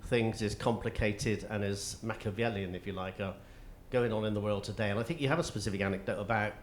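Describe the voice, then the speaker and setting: A man's voice: on the low side, fast talker, slight background noise. Man asking interview questions.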